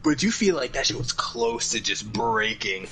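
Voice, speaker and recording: Excitable young man running a tabletop game. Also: mid-range voice, normal speed, rough recording. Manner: loose, excitable, full of fillers and laughs. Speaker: game master. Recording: faint background noise.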